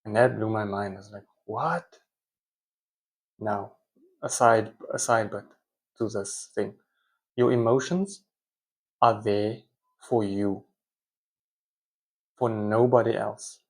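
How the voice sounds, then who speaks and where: A man's voice: on the low side, fairly even intonation, takes it slowly, long pauses. Man, casual monologue, rambling, self-correcting, conversational. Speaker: speaker, parent.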